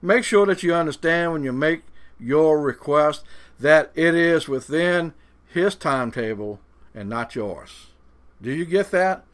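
A man with a slightly high, animated voice preaches in a folksy way. To stress the verses he reads he slows with dramatic pauses, and he mocks doubters using a put-on voice.

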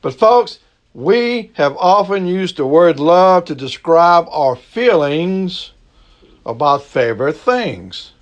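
A middle-aged man with a Southern Cajun accent, preaching a sermon in a slow, folksy way and stretching out his key words. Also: on the high side, big pitch swings, muffled recording. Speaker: pastor.

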